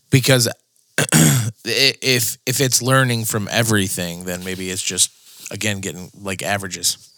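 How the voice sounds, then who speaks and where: A man's voice: on the low side, a bit bright, dry recording. A man in casual chat, talking hesitantly and tentatively.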